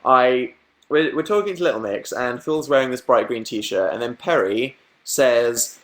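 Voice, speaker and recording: A man's voice: a little slow, fairly bright tone. A young man chatting casually on a livestream, telling stories, reading comments and laughing often. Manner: chatty storytelling, acting out quotes in higher voices, laughing. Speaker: livestream host.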